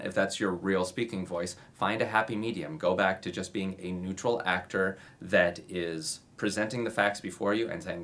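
Low-voiced guy coaching actors on auditions, laid back and chatty. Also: normal speed. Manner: relaxed, conversational, demonstrates sample slates. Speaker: acting coach. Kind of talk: casual instructional talk to camera.

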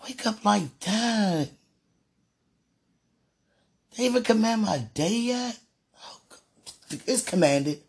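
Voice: medium pitch, vocal fry, slightly rough. A speaker in a fervent devotional monologue, sighing and laughing often and repeating words.

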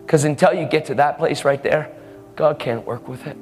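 A man's voice: a little high, normal speed. A man preaching a sermon, telling a story in an earnest way and acting out the voices of the people in it. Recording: long hall reverb with faint music.

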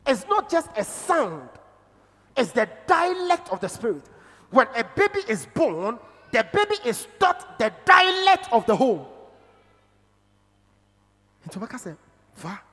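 An animated preacher, whose voice leaps across a wide range of pitch. The delivery swings from loud, emphatic exclamations down to low, quiet murmurs. Long reverberation from the hall trails behind every phrase. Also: a little slow, long pauses. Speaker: pastor. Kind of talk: sermon.

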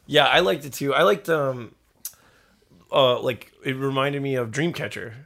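A man co-hosting a podcast, chatting casually about a movie, excited and profane, rambling with restarts. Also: mid-range voice, unhurried, gravelly. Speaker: podcast co-host. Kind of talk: casual movie-review chat.

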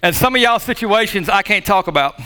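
A Southern American pastor preaches to his church in a sanctuary with a live audience, joking and speaking straight to the congregation. His voice is high-pitched, animated and smooth, pushed and bright, with a brisk pace.

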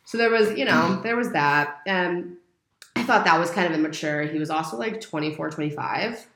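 A woman's voice: fairly low pitch, normal speed, a bit bright. A young woman in her twenties telling a personal story in casual chat, candid and chatty, leaning on "like" and "you know". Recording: roomy echo.

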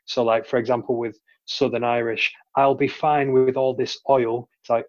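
Podcast co-host, teasing and rambly, lo-fi muffled sound. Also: male voice, medium pitch, level tone, moderate pace, a little mellow. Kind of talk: casual chat.

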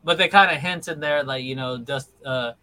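A man co-hosting a podcast in casual chat, rambling and animated as he retells scenes. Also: mid-range voice, normal speed, low-quality recording. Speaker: podcast co-host.

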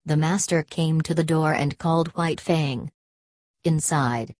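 Brief: woman audiobook narrator, deep and unhurried, dry close recording. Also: darkish tone, no room sound. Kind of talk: scripted narration of a classic novel.

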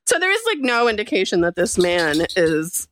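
A woman's voice: moderate pace, dry recording, clean studio sound. A young woman co-hosting a casual podcast, joking and giggling as she chats. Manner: giggly, with lively swoops of pitch. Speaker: podcast co-host. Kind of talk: casual chat.

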